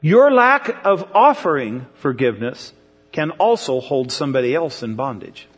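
A man's voice: on the high side, very animated, normal speed, a bit bright, slightly rough, long reverb tail. A man preaching a sermon in a conversational way, asking his congregation questions and drawing them in. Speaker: pastor. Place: church with congregation.

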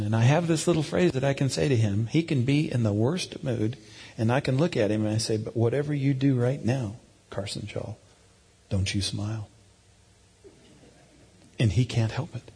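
A man's voice: medium pitch, brisk, a little mellow, husky. A man preaching a sermon as a pastor, telling a folksy family story. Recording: long hall reverb.

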